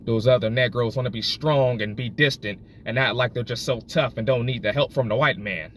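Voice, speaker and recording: A man's voice: mid-range voice, brisk, lightly acted. A man playing a brash, crude, self-satisfied working man in a comedic character monologue, profane and taunting, recorded on a phone in a car. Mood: boastful. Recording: loud car and road noise.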